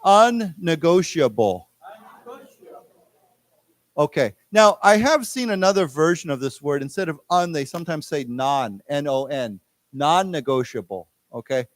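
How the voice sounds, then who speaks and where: A man teaching an English class, explaining words patiently and leading the group through slow repetitions. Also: a little high, animated, no echo. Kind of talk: classroom lecture. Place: library lecture room.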